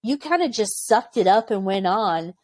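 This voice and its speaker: Woman in her forties, army veteran guest, blunt and salty, mid-pitched voice, dry close sound. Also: animated, normal speed, a little mellow, no room sound. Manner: frank and profane, acts out quoted people. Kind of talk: candid interview storytelling.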